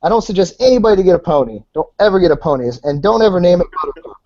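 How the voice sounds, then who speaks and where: A man telling wild stories on a podcast, animated and swearing freely. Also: sits high, rapid-fire, no echo. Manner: animated, swears, acts out voices in anecdotes. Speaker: podcast guest. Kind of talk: casual storytelling. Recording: dull lo-fi podcast audio.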